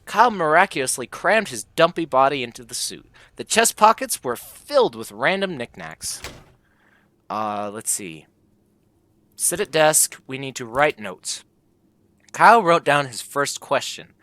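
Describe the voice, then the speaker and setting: A man's voice: mid-range voice, very animated, measured pace, sharp tone. Man reading a text game aloud. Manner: playful, reads game text in put-on voices and jokes about it. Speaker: gameplay commentator.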